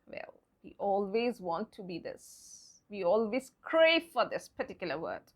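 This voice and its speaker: A woman teaching English pronunciation, spelling out words letter by letter, repeating them slowly and hushing playfully over silent letters. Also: medium pitch, very animated. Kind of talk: explaining pronunciation to viewers.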